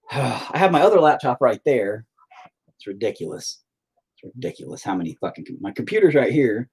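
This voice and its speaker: A man with a raspy, husky voice rambles to his livestream audience while he paints. His pitch jumps around a lot, so every remark sounds animated. He swears freely and pokes fun at himself in an offhand way. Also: moderate pace. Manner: profane, candid, self-deprecating. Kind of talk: casual rambling chat. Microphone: laptop mic on a live stream.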